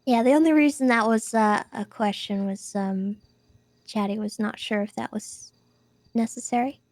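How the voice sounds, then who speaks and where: A woman in a casual roleplay calmly explaining legal proposals. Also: a little high, moderate pace, no room sound.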